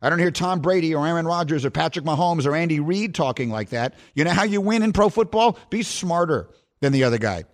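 A man's voice: fairly high pitch, expressive, a little fast. A male sports radio host delivering emphatic, scornful commentary.

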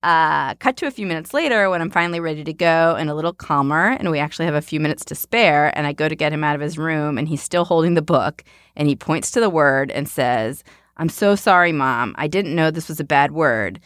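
Thirties woman, podcast co-host, low voice, dry close sound, laughs a lot, self-deprecating. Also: fast, no echo. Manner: laughs often, self-deprecating, acts out shouted quotes. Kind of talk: casual chat and anecdote telling.

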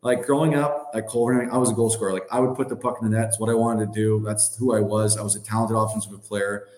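A man's voice: fairly low pitch, flat delivery, fast, a little mellow. Roomy-sounding man telling rambling stories. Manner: rambling, heavy on fillers like "like" and "you know". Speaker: podcast guest. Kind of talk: casual storytelling.

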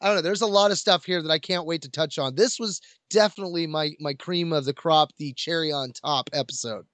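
Excited guy on a podcast, higher voice, lots of uh and restarts, dry close sound. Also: brisk, no echo. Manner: enthusiastic, filler-heavy. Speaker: podcast co-host. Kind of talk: casual discussion.

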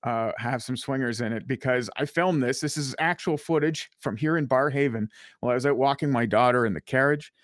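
A man's voice: mid-range voice, fairly quick, few pauses, no echo, studio quality. A man with a Canadian accent, co-hosting a casual podcast, rambling with lots of fillers and swearing. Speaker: podcast co-host. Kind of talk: casual profane banter.

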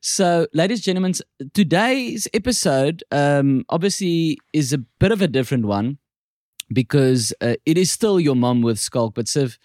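A man's voice: on the high side, animated, moderate pace, darkish tone, no echo, clean studio sound. A man with a South African accent hosting a podcast, joking and rambling in casual chat. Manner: joking, rambling, self-deprecating. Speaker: podcast host.

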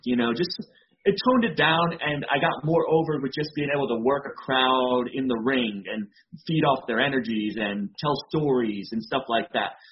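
A man's voice: medium pitch, highs cut off, a little hiss or hum. A man, a wrestler being interviewed, talking casually with lots of "you know" fillers. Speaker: wrestler guest.

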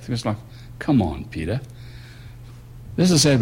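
A man preaching a sermon in a conversational way, moving between quiet musing and raised emphasis. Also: medium pitch, very animated, moderate pace, long pauses, breathy edge. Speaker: pastor.

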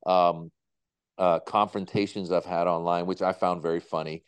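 Fifty-something man, smooth low voice. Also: moderate pace, dry recording. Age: 50s. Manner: animated, acts out voices in anecdotes. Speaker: comedian guest. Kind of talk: relaxed interview storytelling.

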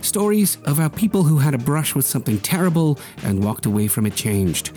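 A man hosting a radio show, narrating a polished script in a measured way. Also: fairly high pitch, expressive, warm tone. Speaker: radio host.

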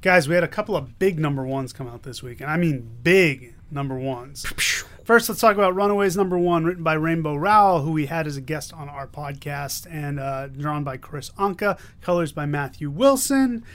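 A man's voice: on the high side, lively intonation, a little fast, hardly any pauses, a bit bright. A man hosting a podcast, introducing new comics with playful, teasing banter. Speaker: podcast host. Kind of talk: casual comic review chat.

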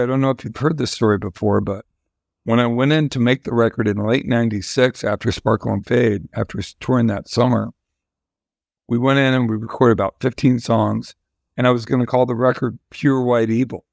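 An older man with a gravelly, creaky voice tells rambling, candid stories as an interview guest. He speaks at a middle pitch into a close mic in a dry room. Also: steady tone, brisk, darkish tone, no room sound. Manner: rambling, candid storytelling with restarts. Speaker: guest musician. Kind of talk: casual storytelling interview.

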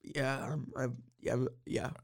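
A young man co-hosting a podcast with his father, stuffed up with a cold, playful and quick to mock but easily flustered. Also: medium pitch, little pitch movement, vocal fry. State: stuffed up, sniffling. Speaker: podcast co-host, son. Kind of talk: casual chat about movies and TV.

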